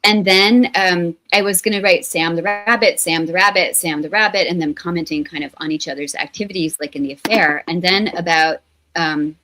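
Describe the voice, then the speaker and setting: A woman author in a casual interview, talking in an animated, playful way and acting out quotes. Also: on the low side, normal speed, low-quality recording.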